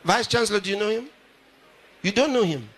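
A man's voice: high-pitched, lively intonation, fairly quick, fairly bright tone. A pastor addressing a live audience at a ceremony, repeating his phrases and putting questions straight to the crowd. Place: large ceremony hall.

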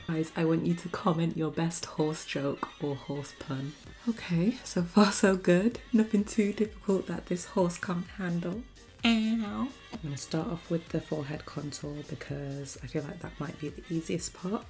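A woman's voice: fairly low pitch, unhurried, a little mellow, faint music behind. A young woman chatting casually through a makeup tutorial as a beauty vlogger, giggly and chatty. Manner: giggly, chatty, often bursting into laughter.

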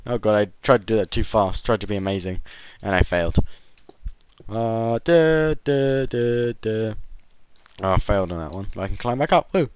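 A man's voice: on the low side, moderate pace, darkish tone, smooth, no room sound. A man giving casual gameplay commentary, often groaning and yelping in frustration. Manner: frustrated, yelps and groans at failed jumps. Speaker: gaming channel host.

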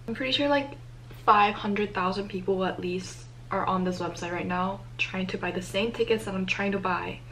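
A teenage girl talking to camera in a casual vlog, anxious and excitable, with many exclamations. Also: mid-range voice, fairly quick, slight background noise, rough recording. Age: teens. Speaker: vlogger. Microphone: compact camera mic.

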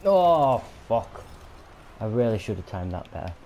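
A man's voice: on the low side, steady tone, moderate pace, dark tone. A man with a Yorkshire accent, commentating while he plays a video game and swearing through frequent angry outbursts. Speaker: gamer. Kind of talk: gaming commentary.

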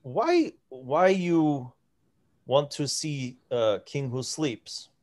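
Casting: huge male cloud giant, voiced by a man, slow halting broken speech, jovial. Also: mid-range voice, lively intonation, a little mellow. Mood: curious.

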